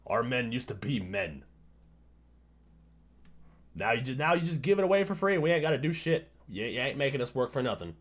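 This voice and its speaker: A male streamer riffs on a clip he is watching, his pitch swinging widely as he rants. He swears freely and laughs between outbursts. His voice sits at an average pitch for a man. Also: very animated, brisk, pauses often. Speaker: livestream host. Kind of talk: casual reaction commentary.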